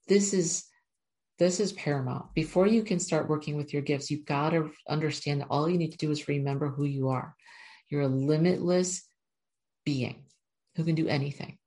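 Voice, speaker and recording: A woman's voice: low-pitched, vocal fry, a little mellow. A woman working as a spiritual coach, giving an earnest, repetitive motivational talk to her viewers as she reads oracle cards. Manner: earnest, repetitive, often asks "right?".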